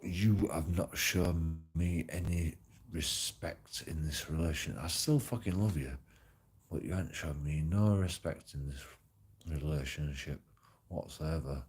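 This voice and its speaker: This man has a very deep, slightly mellow voice with a breathy edge, and he speaks unhurriedly. He tells a personal story in a casual monologue, swearing heavily, rambling and restarting.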